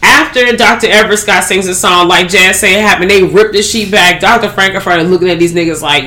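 A woman hosting a podcast, recapping a movie in animated, profane slang. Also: mid-range voice, fast, few pauses. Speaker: podcast host. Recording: roomy echo.

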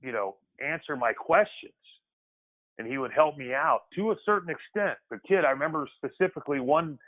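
A man's voice: on the high side, brisk. A man reminiscing as an interview guest, in a loose conversational way with frequent restarts. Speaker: guest, former pro basketball player. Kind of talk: casual storytelling interview. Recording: tinny phone-like line.

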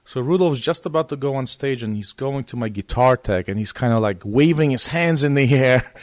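Animated man telling a backstage story. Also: medium pitch, brisk. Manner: animated, repeats words, restarts often. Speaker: guest guitarist. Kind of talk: casual storytelling interview.

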